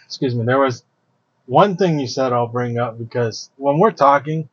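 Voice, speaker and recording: A man's voice: medium pitch, normal speed, a bit bright, husky, dry recording. A man co-hosting a podcast in casual chat, reflective, thinking aloud with fillers. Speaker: podcast co-host. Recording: dull lo-fi sound.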